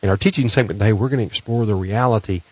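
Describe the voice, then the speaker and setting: A man's voice: fairly low pitch, rapid-fire, breathy edge, no echo. A man hosting a Christian radio program, giving pastoral reflections and lifting his voice for announcements. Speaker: radio host. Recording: slightly dull, dry studio.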